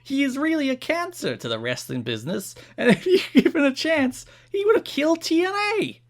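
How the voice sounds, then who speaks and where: A man voicing a brash male fan with a loud, high, nasal New Jersey accent, reading a letter aloud. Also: sing-song, fairly quick, full character voice. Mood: gushing fan.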